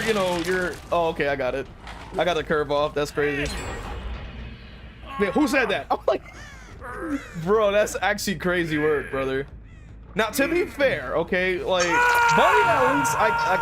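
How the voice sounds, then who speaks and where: The recording is very noisy as a high-voiced young man streams a game. He chats in slang, swears a lot and laughs often, with loud game music playing behind him.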